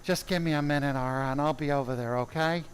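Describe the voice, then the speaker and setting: Man putting on an older male surgeon, soft airy voice, gentle, unhurried, slightly raised pitch. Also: fairly even intonation, slight background noise, lightly acted. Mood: mild, calm.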